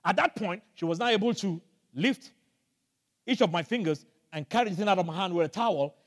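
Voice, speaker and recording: Animated older preacher, high-pitched, echoey. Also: male voice, fairly quick. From Nigeria. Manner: animated storytelling, shouting at dramatic moments. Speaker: pastor. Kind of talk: sermon. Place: church hall.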